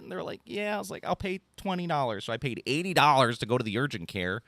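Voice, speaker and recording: A man's voice: medium pitch, very animated, fairly quick, fairly bright tone, dry recording. A man, telling a rambling story on a casual podcast, ranting and swearing freely. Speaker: podcast co-host.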